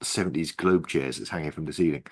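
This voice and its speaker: A man's voice: rumbling low, fast, no room sound, studio quality. A man co-hosting a podcast, casually recapping a plot with lots of ums and restarts. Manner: rambling, recapping with many fillers. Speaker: podcast co-host. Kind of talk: casual chat.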